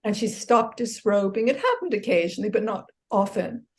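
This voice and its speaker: Older woman, from the US, earnest reflective guest, mid-pitched voice. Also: moderate pace, darkish tone. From United States. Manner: earnest, reflective, with restarts and light laughs. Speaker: author and exercise therapist, guest. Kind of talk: casual interview conversation.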